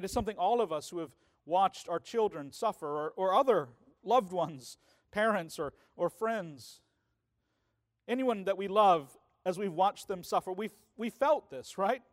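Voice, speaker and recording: A man preaching a sermon as pastor, in a conversational way that keeps checking in with the congregation. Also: high-pitched. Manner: conversational preaching, often asking "right?".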